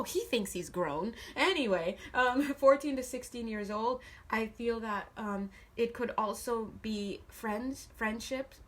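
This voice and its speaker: A woman giving a casual tarot reading at a table, her intonation swinging a lot as she talks bluntly and swears freely. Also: mid-range voice. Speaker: tarot card reader. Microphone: camera filming the cards on a table.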